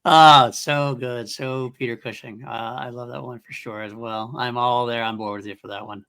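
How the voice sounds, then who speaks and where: A man co-hosts a casual podcast chat in a bright, ringing voice. He talks in an animated way, laughs often and keeps restarting his sentences. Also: mid-range voice, normal speed, clean tone. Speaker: podcast co-host.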